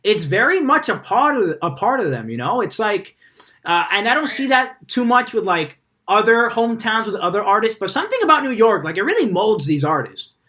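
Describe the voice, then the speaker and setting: A man's voice: sits high, very animated, brisk, pushed and bright. A man hosting a casual radio interview, laid-back, laughing easily and using plenty of fillers. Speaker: radio podcast host. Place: Miami.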